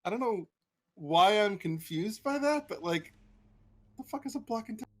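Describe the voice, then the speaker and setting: A man's voice: high voice, normal speed. A man joking playfully as a player at a tabletop game session. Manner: animated, playful.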